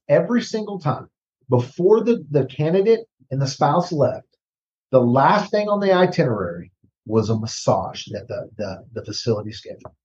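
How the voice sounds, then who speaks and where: A man working as a recruiting consultant, talking casually as an interview guest, often restarting words and tagging sentences with a quick question. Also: a little high, darkish tone, muffled recording. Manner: conversational, repeats words, tags "right?".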